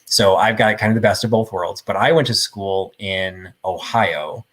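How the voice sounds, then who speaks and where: Midwestern guy in his 50s running a live vintage sale, kinda low voice, rambly and jokey. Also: normal speed, a bit bright. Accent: Midwestern American. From suburbs of Chicago, Northern Illinois. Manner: joking, rambling, self-deprecating. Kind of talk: casual live sale chat.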